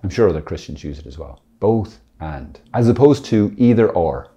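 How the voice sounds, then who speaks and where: A man's voice: sits low, lively intonation, a little fast, mellow, highs cut off. A male priest from Ireland giving a casual, jokey teaching talk, chatty and self-deprecating.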